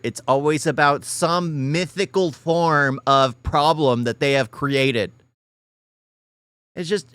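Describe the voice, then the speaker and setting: A man's voice: on the high side, a bit bright, clear, resonant tone, dry recording. A man hosting a reaction video and commenting on a clip in a sarcastic, exasperated way. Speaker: reaction channel host.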